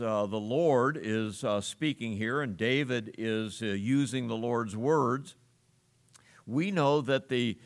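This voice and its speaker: A man preaching a sermon to his congregation, earnest and steady, with frequent pauses and fillers as he explains scripture. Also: mid-range voice. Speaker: pastor.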